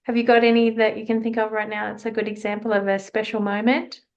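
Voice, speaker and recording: A woman's voice: on the high side, flat delivery, fast talker, lo-fi sound. A woman hosting a podcast interview, prompting her guest with short, affirming questions. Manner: encouraging, affirming, brief prompts. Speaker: podcast host. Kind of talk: casual interview conversation.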